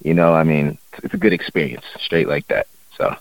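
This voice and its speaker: A man's voice: a bass voice, normal speed, no echo, muffled recording. A man guesting on an interview as a musician, talking in a laid-back, casual way with loose slang and lots of fillers.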